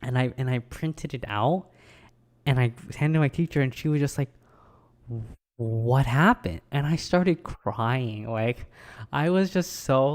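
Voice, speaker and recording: A young adult man casually recalling a childhood memory, rambling and animated with lots of ums and likes, mocking himself. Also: medium pitch, clear, resonant tone. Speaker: vlogger. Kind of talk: casual personal storytelling.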